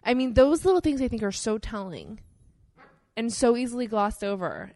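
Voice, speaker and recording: A woman's voice: a little high, lively intonation, moderate pace, a little mellow, no echo. A woman who is a guest on a podcast, chatting casually and making emphatic, agreeable points. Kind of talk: casual chat.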